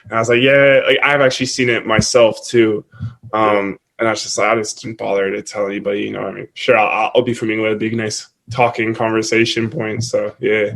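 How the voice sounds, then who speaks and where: A young man from Canada, a college basketball player, chatting casually as a guest in an interview, relaxed and quick to laugh. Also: lowish voice, gravelly. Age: young adult. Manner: laid-back, laughs often, lots of "like".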